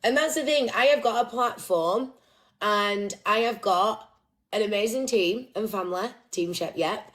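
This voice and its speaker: A woman's voice: medium pitch, a little slow, fairly bright tone. A woman hosting a casual live-stream chat on her phone, blunt and swearing freely. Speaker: livestream host.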